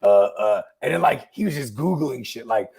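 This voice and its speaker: Man, casual storyteller, rambling, swearing, raspy gravelly voice. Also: mid-range voice, lively intonation, normal speed, darkish tone. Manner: rambling, swearing, laughing at his own story. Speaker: podcast host.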